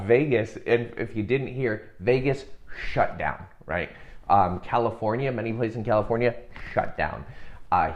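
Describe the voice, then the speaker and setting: A man's voice: low voice, dull audio. A man who works as a hypnosis and success coach, chatting casually on a livestream and answering viewer comments in a rambling way full of fillers, often chuckling.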